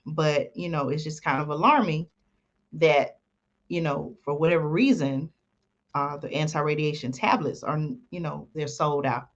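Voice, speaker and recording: A woman's voice: low-pitched, fairly bright tone, lo-fi sound. A woman host reading from an article and adding folksy comments, with many ums and "y'all". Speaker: channel host.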